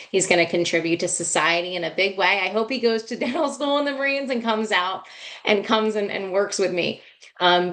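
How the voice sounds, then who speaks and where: A woman's voice: lowish voice, fairly bright tone. A woman dentist giving a heartfelt webinar talk over a video call, running her sentences on with restarts and getting emotional. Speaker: dentist and guest speaker.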